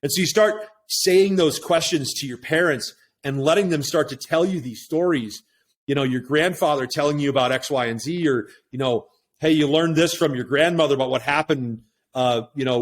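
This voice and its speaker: A man's voice: fairly high pitch, moderate pace. A middle-aged man talking as a podcast guest in a casual, reflective way, often checking in with "right?". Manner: reflective, tags points with "right?". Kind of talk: casual conversation.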